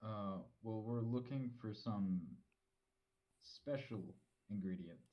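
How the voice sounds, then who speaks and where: A man playing a tabletop game, speaking hesitantly and haltingly. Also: fairly low pitch. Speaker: player. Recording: dull, muffled mic.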